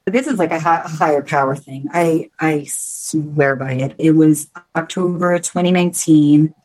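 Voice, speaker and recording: A woman's voice: sits low, moderate pace, a little mellow, rough recording. A middle-aged woman from New York, candidly telling her personal story in an interview, reflective and often restarting words. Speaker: guest.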